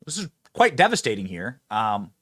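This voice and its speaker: A man's voice: lowish voice, huge pitch swings, normal speed, fairly bright tone, no echo. A man hosting a political commentary show, mocking and sarcastic, laughing at his own jabs. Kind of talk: fast opinionated political commentary. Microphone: close studio mic with earpiece.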